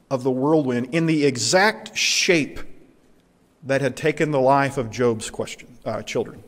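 A man's voice: medium pitch, expressive. Earnest male pastor in echoing hall. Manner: earnest, emphatic, slows down for key points. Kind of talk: sermon. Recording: long hall reverb.

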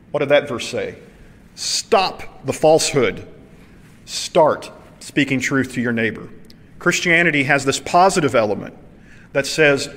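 A man preaching a sermon in a conversational, animated way, asking the congregation rhetorical questions. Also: fairly high pitch, normal speed. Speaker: pastor. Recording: long hall reverb.

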